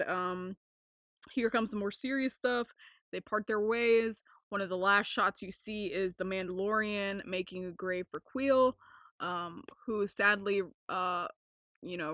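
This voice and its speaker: A young woman hosting a casual podcast, rambling with lots of fillers, swearing freely and getting excited. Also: medium pitch, no room sound, clean studio sound. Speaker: podcast host.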